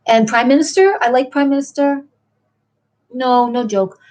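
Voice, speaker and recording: Hosting a late-night livestream, a middle-aged woman chats in a meandering way and answers viewers in the chat. Her voice is high and a bit dark in tone, and she speaks at a moderate pace.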